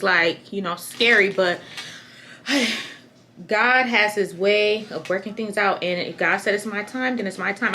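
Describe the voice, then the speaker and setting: A young pregnant woman chats straight to camera in a loose, rambling vlog, circling back and repeating words as she goes. Her voice is bright and forward, with a faint hum of room noise behind it. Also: mid-range voice. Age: young adult. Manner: chatty, candid, rambling with repeats. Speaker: vlogger. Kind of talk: casual pregnancy update to camera.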